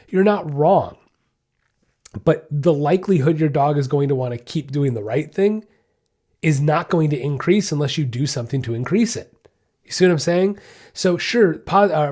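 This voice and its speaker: A man's voice: on the high side, brisk, darkish tone. A man hosting a dog-training podcast, explaining in casual, emphatic talk that circles back on his key points and keeps checking that the listener is following. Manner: emphatic, repeats key points, asks "you see what I'm saying?"; acts out the dog's thoughts in quoted asides.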